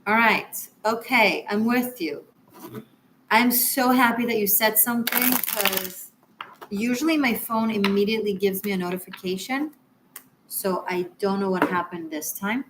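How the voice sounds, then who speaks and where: A woman's voice: mid-range voice, a little slow, background noise. Chatty, apologetic woman tarot reader. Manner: chatty and apologetic, addresses viewers warmly. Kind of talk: live-stream tarot reading with chat.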